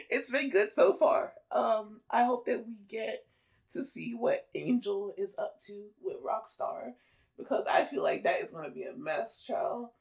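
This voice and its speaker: Sassy woman with a lively gravelly voice. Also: fairly high pitch, a little slow. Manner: sassy, laughing, playful. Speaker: podcast co-host. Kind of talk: casual chat.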